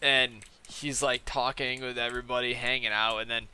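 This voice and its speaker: A young man spins a long, casual story while playing a game, his speech rambling and profane and packed with "like". His voice is strikingly bright and forceful, and his pitch sits in an ordinary middle range. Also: steady tone, moderate pace, slight background noise. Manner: rambling, profane, filler-heavy "like". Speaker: gaming video host. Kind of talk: casual storytelling over gameplay.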